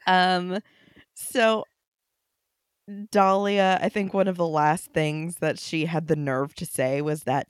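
A woman hosting a podcast, casually retelling a story to her co-host in a chatty, relaxed way with fillers. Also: fairly low pitch, slow pace, clear, resonant tone, no echo, studio quality.

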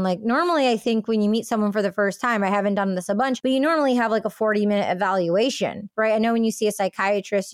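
A woman's voice: on the high side, smooth, no room sound, studio quality. A young woman telling a personal story in casual monologue, full of "like" fillers and acted-out quotes of what others said. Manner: animated, frequent "like" fillers, acts out quoted dialogue. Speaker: podcast host.

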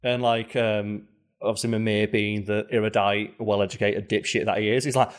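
A man's voice: fairly low pitch, fairly even intonation, fairly quick. A man co-hosting a casual podcast chat, talking animatedly and acting out quoted lines in short snippets. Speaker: podcast co-host. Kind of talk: casual chat about video games.

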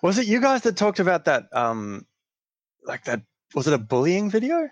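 A man's voice: high voice, wildly swooping pitch, normal speed, no echo, highs cut off. A man co-hosting a casual chat, chatty and laughing often, trailing off with ums. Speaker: podcast co-host.

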